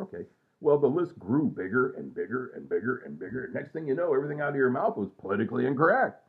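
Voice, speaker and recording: A man's voice: mid-range voice, sing-song, a little fast, vocal fry. A man in his sixties rambling casually and self-mockingly at home at night, trailing off with lots of fillers. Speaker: vlogger. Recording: tinny phone-like sound.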